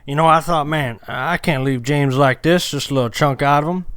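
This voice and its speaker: A man's voice: a little high, normal speed, a bit bright, smooth, no echo, studio quality, close to an everyday voice. A man putting on the voice of a drawling Elvis-style rock-and-roll king who spins absurd rambling tall tales, sprinkling "man" and "boy" everywhere. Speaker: comedy sketch performer.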